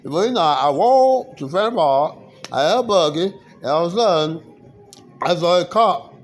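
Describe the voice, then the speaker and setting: A man telling his own story in a rambling, halting way, repeating himself and restarting sentences with plenty of fillers. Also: high voice, animated. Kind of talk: rambling personal account.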